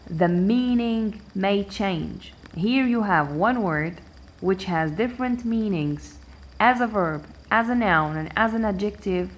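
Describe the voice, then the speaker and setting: A woman teaching an English lesson, explaining slowly and patiently and repeating key words. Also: mid-range voice. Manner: patient and repetitive, switching between English, Arabic and French. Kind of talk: language lesson explaining word stress.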